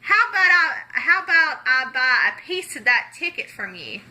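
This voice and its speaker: Boastful, mocking rich man in a told parable, pitched high and bright, loud and full of himself, put on by a woman storyteller. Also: sing-song, moderate pace, exaggerated voice, poor audio.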